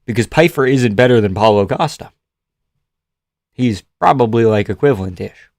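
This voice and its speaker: A man's voice: mid-range voice, lively intonation, moderate pace, darkish tone, dry recording, studio quality. A man live-streaming in casual chat, joking and swearing as he answers viewers. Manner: profane, joking, rambling.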